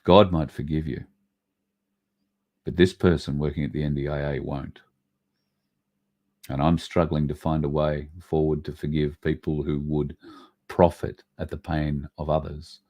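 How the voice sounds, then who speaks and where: This livestream host's voice is a rumbling low, his delivery flat and a little slow with frequent pauses. He reads viewer comments aloud and rants bluntly, swearing and erupting in sudden loud bursts.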